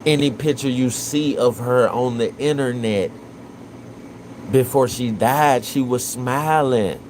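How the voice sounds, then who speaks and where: Slow, low-voiced man streaming live, audible noise. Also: darkish tone, low-quality recording. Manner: earnest, repetitive, speaks to the chat directly. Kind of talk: emotional live-stream commentary.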